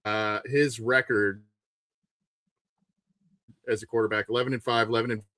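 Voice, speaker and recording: A man's voice: on the low side, fairly even intonation, moderate pace, bright, forceful tone. A man, a guest on a sports podcast, talking casually over a remote call with many fillers and restarts.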